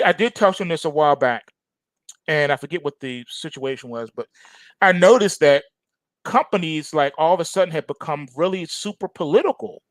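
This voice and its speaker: Middle-aged male show host, fairly high voice, casual and animated with lots of fillers, dry close mic. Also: normal speed, dry recording. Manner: animated, repetitive, chuckling, with many fillers. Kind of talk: casual rambling commentary.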